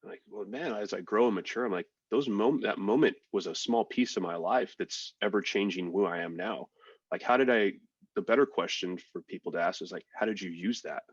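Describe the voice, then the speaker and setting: A man, a military veteran and podcast guest, telling his story in a relaxed, frank way with fillers and swearing. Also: on the low side, brisk, husky, no room sound, highs cut off. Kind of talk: casual storytelling.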